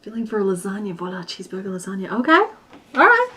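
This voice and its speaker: Woman, crochet stream host, casual chatter, giggly, counts stitches aloud, mid-pitched voice. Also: huge pitch swings, fast, noisy background. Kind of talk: casual livestream chat while crocheting.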